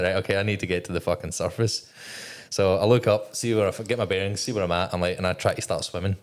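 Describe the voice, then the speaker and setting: Guy, kinda low voice, swearing nonstop, telling his story on a podcast. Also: steady tone, quick pace, few pauses. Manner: profane, swears constantly, quotes his own thoughts. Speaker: podcast guest, former navy technician. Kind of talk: candid storytelling in an interview.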